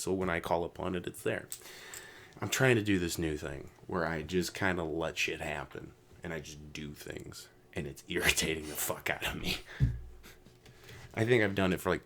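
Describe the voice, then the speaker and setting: A man hosting a casual podcast, ranting with lots of swearing, jumping between loud outbursts and low mutters. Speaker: podcast host.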